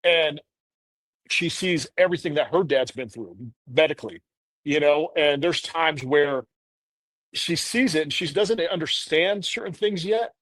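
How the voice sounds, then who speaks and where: A man's voice: fairly high pitch, unhurried, fairly bright tone, no echo. A man in his thirties, a podcast guest, telling a candid personal story in an earnest, rambling way full of "you know".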